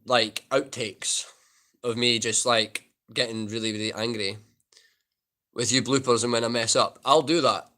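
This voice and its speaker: A man chats loosely with his live-stream viewers, rambling from one point to the next. His voice is bright and forceful. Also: medium pitch, steady tone, unhurried. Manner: chatty, rambling, reads out chat. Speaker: guitar YouTuber live streamer. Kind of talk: casual live stream chat.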